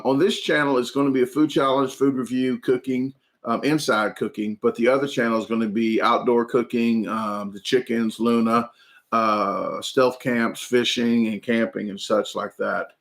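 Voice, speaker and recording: Halting, filler-heavy male livestream host. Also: mid-range voice, a bit bright. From United States. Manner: halting, many ums and uhs, restarts. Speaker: food channel livestream host. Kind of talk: casual livestream chat reading viewer comments.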